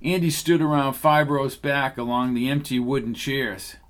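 A man reading an audiobook in steady scripted narration. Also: medium pitch, moderate pace.

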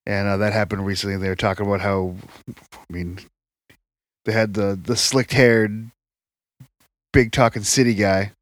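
A man's voice: on the low side, steady tone, moderate pace, long pauses, dry recording. A man co-hosting a podcast in casual chat, rambling with many fillers and laughing often. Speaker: podcast co-host.

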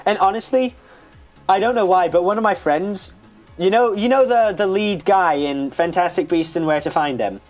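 A man's voice: high voice, moderate pace, faint music behind. A young man with an English accent co-hosting a podcast, chatty and self-mocking. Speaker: podcast co-host. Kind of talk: casual chat.

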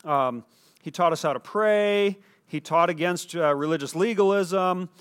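A man preaching a teaching sermon in an explanatory way, with fillers and restarts, slowing down to stress key words. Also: high-pitched, fairly bright tone, smooth. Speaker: pastor. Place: indoor teaching space with a screen.

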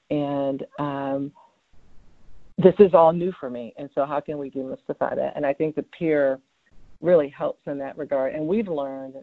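A man's voice: fairly high pitch, vocal fry, no echo. A man who is a cancer researcher, answering interview questions in an earnest, heartfelt way with many fillers and restarts. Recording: tinny phone-line sound, dry.

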